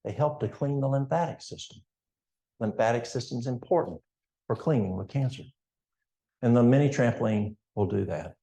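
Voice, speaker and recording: Man, older, Appalachian accent, folksy health educator, warm tone, echoey church. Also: mid-range voice, normal speed. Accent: East Tennessee Appalachian. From East Tennessee. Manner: folksy, storytelling, addresses the audience directly. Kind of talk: health seminar talk in church.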